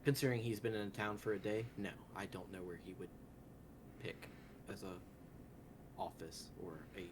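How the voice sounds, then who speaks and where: A man plays a tabletop role-playing game, answering in character in a dry, matter-of-fact tone. His voice is very low, and a clear rumbling noise runs underneath. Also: steady tone, moderate pace, pauses often. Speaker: player.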